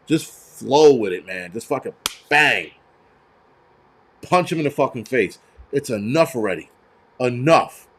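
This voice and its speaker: A man hosting a show, ranting heatedly with lots of swearing and stumbling restarts. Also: mid-range voice. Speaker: host. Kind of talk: profane ranting commentary.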